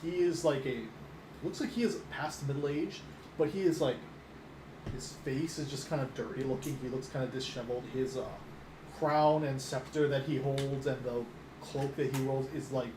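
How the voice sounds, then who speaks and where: A man's voice: medium pitch, steady tone, moderate pace. A man narrating as game master of a tabletop game, rambling and filling his descriptions with "like". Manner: rambling, many fillers, laughs at own descriptions. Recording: echoey room with background noise.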